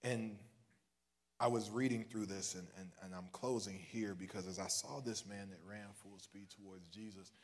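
A male minister preaching a livestreamed sermon in a casual, joking way, swinging from soft asides to loud, high cries. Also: fairly even intonation, moderate pace. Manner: casual and joking between points.

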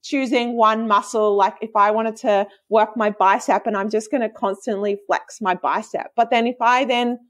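A woman in her thirties with a fairly high voice tells her story as a podcast guest. She is lively and giggly and talks with plenty of "like" fillers in a relaxed, casual chat. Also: moderate pace, few pauses. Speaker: guest, osteopath and movement coach.

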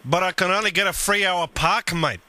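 A man's voice: sits high, a little fast, pushed and bright. A man playing a brash, cocky young prank caller, who calls everyone mate and makes blunt demands. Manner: swaggering, says mate constantly, blunt demands. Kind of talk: prank phone call comedy.

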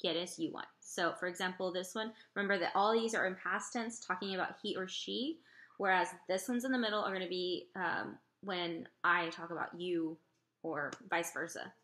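A woman teaching a language lesson slowly and patiently, sounding out example phrases carefully and pausing on fillers. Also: fairly low pitch, fairly even intonation, sharp tone. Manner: slow, deliberate, with many fillers. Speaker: Spanish teacher.

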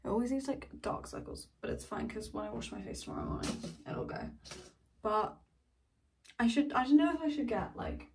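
A woman's voice: on the high side, lively intonation, normal speed, distant mic, a little hiss or hum. Rambling young woman vlogging at home. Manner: rambling, swears casually, trails off. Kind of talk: casual chatty vlog talk. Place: home, indoors.

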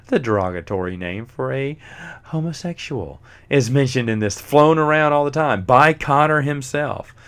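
Rambling man hosting a casual podcast. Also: mid-range voice. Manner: rambling, lots of fillers, chuckles often. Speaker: podcast host reviewing a book. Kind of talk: casual solo podcast chat.

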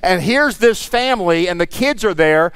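High, smooth-voiced preacher man. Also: lively intonation, normal speed. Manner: storytelling, acts out voices, shifts into soft prayer. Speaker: guest pastor. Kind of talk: sermon.

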